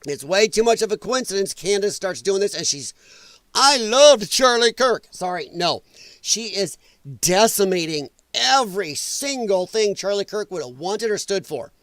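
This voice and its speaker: A man hosting a casual reaction livestream, his voice strained and damaged from breathing trouble, blunt and opinionated and quick to swear. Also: high voice, expressive, no room sound. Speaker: livestream host.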